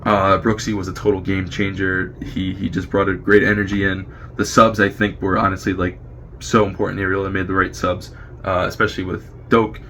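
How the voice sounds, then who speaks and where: A man from New Jersey with an American accent, giving a brisk, opinionated fan review recorded on video. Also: deep voice, flat delivery, a bit bright, slight background noise. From New Jersey, USA. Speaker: fan contributor.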